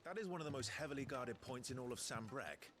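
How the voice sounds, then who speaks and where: An actor voicing a grave young male swordsman in a video game, measured and questioning. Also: medium pitch, animated, background noise, lightly acted.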